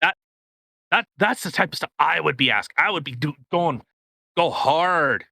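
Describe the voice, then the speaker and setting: A man from Canada holds forth on a casual podcast, his voice bright and slightly high for a man. He talks in a restless, profane ramble full of restarts. The sound is dry and close. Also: animated, moderate pace, vocal fry, no echo. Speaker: podcast co-host. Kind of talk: casual political rant.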